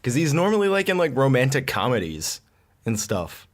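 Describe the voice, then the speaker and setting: A man's voice: mid-range voice, normal speed. A young man co-hosting a podcast, chatting casually with lots of "um" and "like". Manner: relaxed, filler-heavy chatter with laughs. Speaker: podcast co-host. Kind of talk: casual chat.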